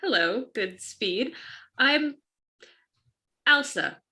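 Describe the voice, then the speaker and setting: Woman playing a polite young toy girl, slow careful speech, bright fairly high voice. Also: animated, full character voice.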